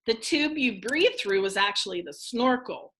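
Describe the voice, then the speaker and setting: A woman teacher giving a recorded phonics lesson to young children, speaking in an encouraging way and enunciating each word clearly. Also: on the high side, expressive, moderate pace, fairly bright tone, slight background noise. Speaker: elementary school teacher.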